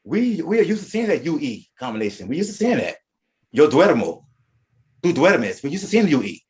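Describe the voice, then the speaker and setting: A man's voice: on the high side, sing-song, a little fast, darkish tone. A man teaching a Spanish class, explaining verb forms and often repeating and restarting his words. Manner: reads out verb conjugations one by one. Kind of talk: classroom lesson.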